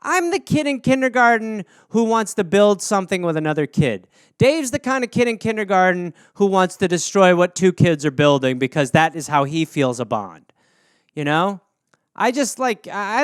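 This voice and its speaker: Male comedy podcaster, high and bouncy, rambling and profane, dry studio sound. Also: normal speed, clear, resonant tone, dry recording. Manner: animated, profane, rambling riffs. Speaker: podcast host.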